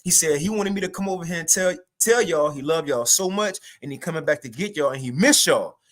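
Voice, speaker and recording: A young man giving a livestreamed spiritual testimony, telling the story in an animated, repetitive way with casual slang. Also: a little high, a little fast. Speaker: spiritual teacher sharing a testimony.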